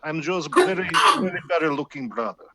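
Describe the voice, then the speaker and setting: A man doing a boastful Russian brute, put-on Russian accent, broken English, lively swinging pitch, other players chattering and laughing behind. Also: a little fast, over a noisy crowd, lightly acted. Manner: broken English, brags about strength. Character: boastful male Russian brawler named Donkey. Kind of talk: tabletop character banter.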